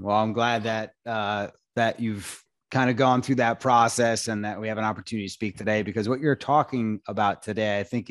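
A man's voice: fairly low pitch, dry recording, studio quality. A man from North Carolina with a Southern accent, hosting a podcast interview in a friendly, easygoing way with many restarts and fillers, speaking into a headset. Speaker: podcast host. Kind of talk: conversational interview.

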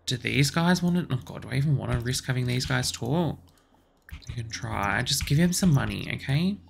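A low-voiced woman with a gravelly edge gives let's play commentary, talking to herself as she plays. Her pitch swings widely as she bosses her game characters around in exasperation. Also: lively intonation, normal speed, a little hiss or hum. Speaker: gaming channel host.

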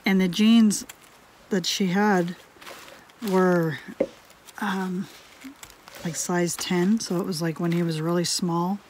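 Unhurried chatty woman crafting at home. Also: fairly low pitch, steady tone, noisy background. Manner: chatty, laughs often between sentences; drifts into quiet asides while working. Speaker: homestead vlogger. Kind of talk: casual chat while crafting.

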